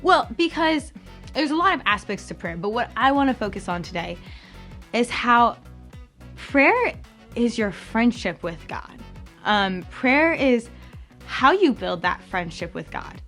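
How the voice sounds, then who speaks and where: A young adult woman hosts a campus ministry podcast in casual, bubbly chat. She talks at an ordinary pitch, filling her lines with ums and likes, and leaps up high whenever she quotes someone. Soft music plays faintly behind her. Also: very animated, measured pace. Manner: chatty and bubbly, lots of fillers, jumps up high for quoted voices.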